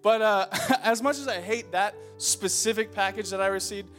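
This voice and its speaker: Soft music plays behind the same young preacher, whose slightly bright voice sits high and moves at a normal speed. He opens his sermon to the congregation with a joke-filled story, then turns to earnest exhortation.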